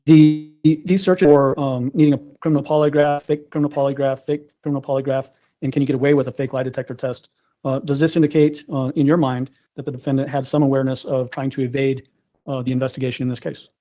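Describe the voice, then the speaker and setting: A man questions a witness in court, speaking very fast in a mellow, dark voice with little rise and fall. His questions are formal and procedural, and he repeats the same wording from one question to the next. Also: mid-range voice, level tone.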